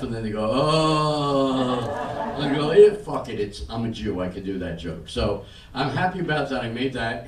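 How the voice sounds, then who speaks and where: An older male comedian works a small club crowd, his voice carried through a roomy space and picked up from some distance off. He tells his stories flatly and drops into quick acted-out lines for the people in them. A faint hum of the room sits under him. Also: lowish voice. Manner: deadpan storytelling with acted-out quotes. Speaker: stand-up comedian. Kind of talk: stand-up set. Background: audience laughter and room noise.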